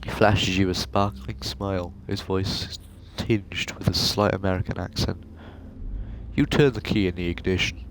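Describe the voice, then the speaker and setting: Low-voiced man narrating a game. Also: fairly even intonation, normal speed, a little hiss or hum. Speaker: gaming video host. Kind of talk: reading a narrative game aloud. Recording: game music playing behind.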